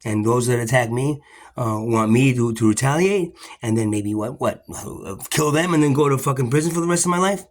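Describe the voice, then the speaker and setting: A man's voice: mid-range voice, lively intonation, a little fast. A man ranting in an agitated, rambling, profane monologue to camera, full of restarts.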